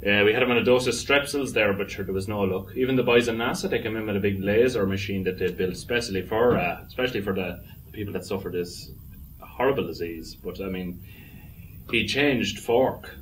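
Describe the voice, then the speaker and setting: A man's voice: on the low side, a little fast, natural voice. A man playing a rambling, blunt carer. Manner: rambling, with abrupt shouted commands. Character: blunt man caring for the fork-man. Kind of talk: mockumentary acting. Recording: some distance from the mic, faint noise.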